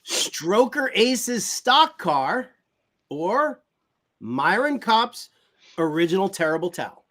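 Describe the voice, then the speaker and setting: A man hosts a casual sports talk show with a fairly high voice. He teases his guest in a playful, game-show manner. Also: big pitch swings, takes it slowly, a bit bright. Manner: playful, teasing, game-show style quizzing.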